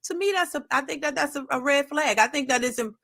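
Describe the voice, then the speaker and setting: A middle-aged woman with a fairly high voice gives earnest, preachy advice on a talk panel. She goes over the same points again and again. She has the casual tone of a streamed show. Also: fast, vocal fry, fairly bright tone. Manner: earnest, preachy, repeats herself.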